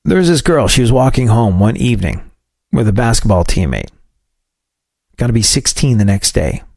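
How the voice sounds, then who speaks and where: Sarcastic New York man, gravelly voice. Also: lowish voice, big pitch swings, moderate pace, a little mellow, dry recording, clean studio sound. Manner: sarcastic, wry. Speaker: host. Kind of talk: political commentary show.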